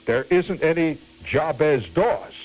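A man's voice: fairly high pitch, slow, voice pushed up. A man voicing an angry old Santa Claus in a grave, scolding tone, on a dull lo-fi radio recording. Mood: stern.

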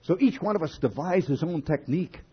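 A man with a husky voice telling a wry, profane comic story to an audience, building from low asides to loud outbursts. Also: animated, a little fast, dull audio. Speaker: humorist speaking to an audience.

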